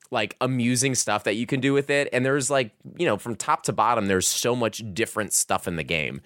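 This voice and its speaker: A man with a slightly low voice chats casually about video games. He rambles loosely, leaning on filler words like "like" and "um". The recording is dry and close. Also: brisk, few pauses, a bit bright, clean tone, no room sound. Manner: rambling, heavy use of "like" and "um". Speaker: podcast host reviewing a video game. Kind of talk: casual chat.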